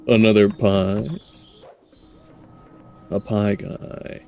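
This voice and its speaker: A man's voice: fairly low pitch, unhurried, long pauses, soft background music. A man giving casual, wry gameplay commentary as host, playfully joking about what he sees. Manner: wry, playful, laughs at the game. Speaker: let's play host.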